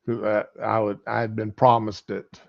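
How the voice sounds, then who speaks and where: A man's voice: fairly low pitch, level tone, moderate pace, gravelly, highs cut off. A man hosting a livestream, telling a work story in a folksy, plain-spoken way. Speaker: livestream host. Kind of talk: casual storytelling.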